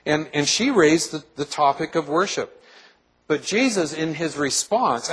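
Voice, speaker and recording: A man's voice: fairly high pitch, a bit bright, husky, rough recording. A male pastor preaching a sermon to his congregation in a church, earnestly asking them questions.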